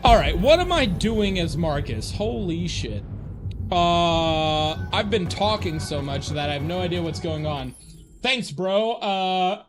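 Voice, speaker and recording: A man live-streaming a video game, talking in a rambling, profane, excitable way and laughing often. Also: sits high, slow, music in the background. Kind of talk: live gameplay stream chat.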